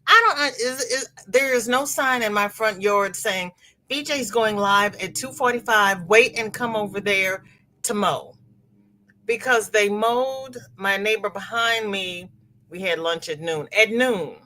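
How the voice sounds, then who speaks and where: Slow-talking bright-voiced woman host. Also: medium pitch. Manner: chatty, sympathetic, greets viewers by name. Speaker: crochet livestream host. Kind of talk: casual live-stream chat reading viewer comments.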